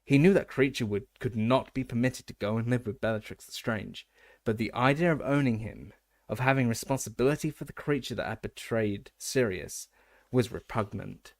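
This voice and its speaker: A man's voice: medium pitch, moderate pace, no echo. A man narrating an audiobook, recorded dry and close with no room sound. He reads steadily, with occasional stumbles that he corrects. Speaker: audiobook reader.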